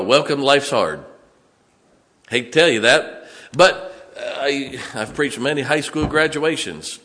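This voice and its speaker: A man preaching a sermon, dropping to quiet low asides and then rising to loud, emphatic exhortation. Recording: long reverb of a large hall.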